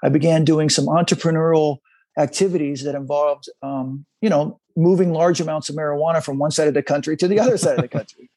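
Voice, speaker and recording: A middle-aged man telling a candid personal story as a guest in a conversation, halting and confessional, acting out the voices of people he quotes. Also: a little high, steady tone, warm tone, dry recording.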